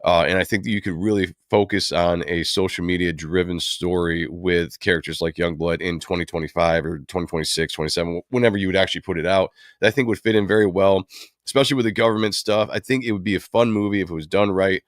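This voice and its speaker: A man's voice: deep voice, fairly even intonation, fast talker, no room sound, clean studio sound. A man hosting a livestream, talking casually and at length, rambling with many fillers. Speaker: livestream host. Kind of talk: casual commentary on comic book films.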